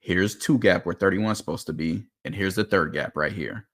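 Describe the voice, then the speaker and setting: Man, very deep voice, casual and animated film breakdown. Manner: animated, quick, explanatory. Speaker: football film analyst.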